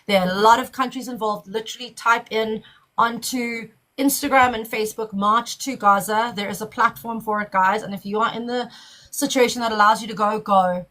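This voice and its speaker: Woman host, fairly high voice, blunt and emotional, swears freely. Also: steady tone, normal speed, sharp tone, low-quality recording. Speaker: host of a live chat. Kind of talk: emotional casual chat.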